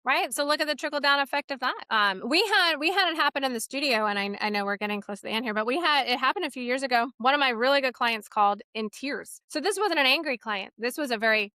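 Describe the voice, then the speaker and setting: High bright lady on a podcast, storytelling all animated, laughs a lot. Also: fast talker, hardly any pauses, no echo. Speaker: podcast co-host, photography studio owner. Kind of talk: casual podcast chat.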